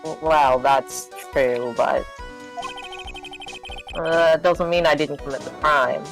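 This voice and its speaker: A woman's voice: sits low, takes it slowly, gravelly, music in the background, exaggerated voice, low-quality recording. A woman voicing a stammering timid man. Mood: pleading. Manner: stammering, nervous. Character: timid young man insisting on his guilt. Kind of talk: fan voice-over of a game.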